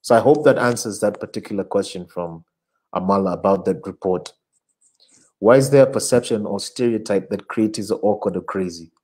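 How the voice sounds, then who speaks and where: A man's voice: on the low side, a little fast, low-quality recording. A man, an advertising creative director, answering audience questions in a casual interview, talking animatedly and often repeating words as he looks for the next one. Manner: animated, repeats words while searching for them.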